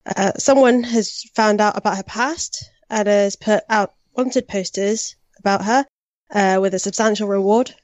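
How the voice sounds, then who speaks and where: Steady woman reading a prepared intro, dry lo-fi. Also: mid-range voice, unhurried, dry recording. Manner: steady, lightly scripted, occasional uhs. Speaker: player introducing her character. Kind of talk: read-out podcast introduction.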